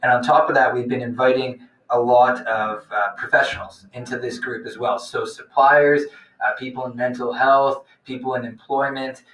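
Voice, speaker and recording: A man co-hosts a live business webcast in an earnest, steady voice. His tone is bright, and he sits away from the mic, so the sound comes through with room echo. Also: medium pitch, moderate pace, distant mic. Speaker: co-host.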